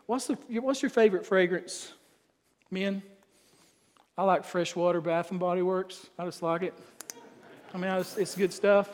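A man's voice: high-pitched, steady tone, fairly quick, big-room sound. A man preaching a sermon, talking in a folksy, conversational way and speaking straight to the men in the pews. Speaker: pastor.

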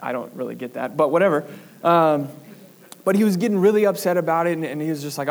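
Young man preaching a casual sermon. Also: on the high side. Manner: casual, chatty storytelling with fillers and laughs; measured scripture reading. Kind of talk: sermon with personal story.

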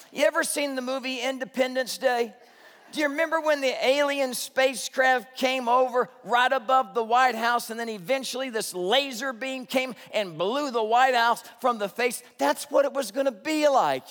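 Man, pastor, high-pitched, theatrical preacher, long hall reverb. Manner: animated, dramatic storyteller who shouts punchlines. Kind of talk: humorous sermon storytelling.

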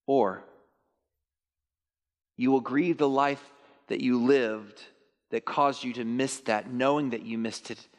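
A man's voice: slow pace, pauses often. Man preaching in a big echoing hall. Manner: animated, mimics congregants in high put-on voices. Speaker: pastor. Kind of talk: sermon. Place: church sanctuary. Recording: long reverb of a large hall.

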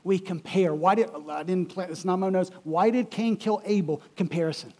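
A man preaching a sermon as pastor in a church, emphatic and repeating his key phrases, swinging between loud and quiet. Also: sits high, moderate pace.

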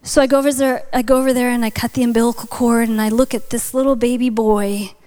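A woman's voice: fairly high pitch, fairly even intonation, fast talker, dark tone. A woman telling a story in a sermon, dropping to a whisper for emphasis and building to a passionate call at the close. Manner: rises to passionate exhortation. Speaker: speaker at a church.

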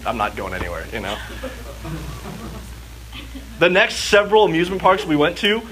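Man preaching to a gathering, high-pitched and chatty, acting out childhood moments, with audience noise in the hall. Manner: chatty, fills talk with "like", acts out his child self. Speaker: youth speaker. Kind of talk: storytelling sermon before an audience. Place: church gathering with live audience.

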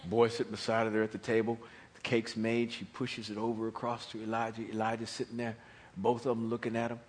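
Animated storytelling preacher man. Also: lowish voice, fast. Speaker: pastor. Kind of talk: sermon.

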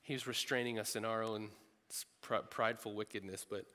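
A man's voice: fairly low pitch, fairly even intonation, normal speed, pushed and bright, in a large hall. A man preaching a sermon in a large room, earnest and emphatic, repeating phrases for stress.

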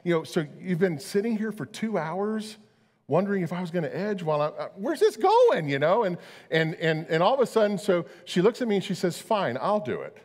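A man's voice: sits high, sing-song, brisk, a little mellow. A middle-aged man preaching a sermon, chatty and storytelling, often repeating his words. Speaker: pastor. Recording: long hall reverb.

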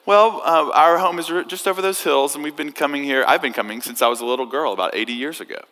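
A man's voice: a little high, fast, pitched above the performer's own voice. A man putting on a wry old queen. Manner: gentle, understated, wry. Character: dry-witted elderly queen. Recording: echoey hall.

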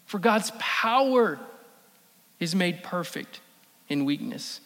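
A man preaching a sermon as pastor, emphatic, repeating key phrases and slowing down for stress. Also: sits high, expressive, vocal fry, a bit bright. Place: church sanctuary. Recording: long reverb of a church hall.

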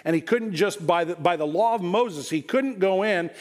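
A man's voice: high voice, normal speed. A man preaching a sermon in a conversational, joking way, often repeating words as he restarts. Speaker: pastor.

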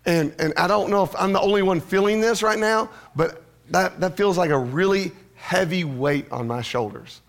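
A man's voice: high-pitched, moderate pace, vocal fry, few pauses. A male pastor preaching a sermon in a church, with a conversational manner and joking asides to the congregation.

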